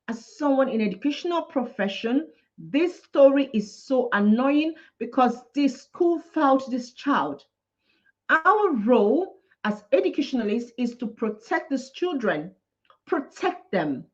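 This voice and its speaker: A woman's voice: high voice, very animated, a little slow. A woman, a teacher giving indignant, impassioned commentary, ranting and repeating her points for emphasis. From Nigeria. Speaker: teacher and vlogger. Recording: dull lo-fi recording.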